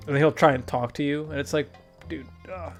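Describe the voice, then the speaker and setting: A man's voice: on the high side, fairly even intonation, a little fast, creaky. Young man rambling with laughs over game music. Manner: rambling anecdotes, swearing, frequent laughter. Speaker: gaming channel host. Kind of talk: casual chat over gameplay.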